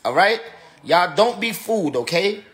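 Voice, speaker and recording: A man's voice: sits high, expressive, normal speed, fairly bright tone. Tipsy man ranting on a livestream. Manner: emphatic and repetitive, slangy. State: tipsy from drinking. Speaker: battle rapper. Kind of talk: casual livestream rant.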